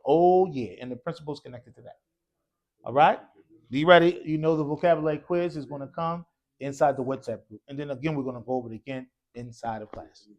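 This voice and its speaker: A man's voice: a little high, a little fast, a little mellow. A man teaching an Arabic class in a mosque classroom, leading call-and-response drills and quizzing students with casual, encouraging prompts.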